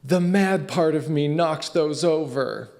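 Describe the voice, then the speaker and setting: A man playing an earnest, emotionally open little boy. The voice is lifted high and sincere, the way a child explains what he feels. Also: slow pace, darkish tone.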